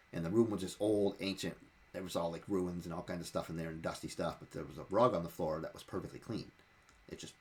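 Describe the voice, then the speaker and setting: A man in casual talk sharing advice as a dungeon master, rambling and often repeating and restarting his words. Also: sits low.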